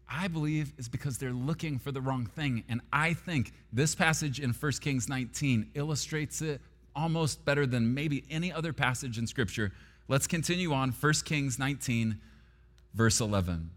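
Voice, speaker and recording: A man preaching a sermon as pastor, swinging between loud emphasis and hushed, near-whispered lines. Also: medium pitch, normal speed. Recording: long hall reverb with soft guitar underneath.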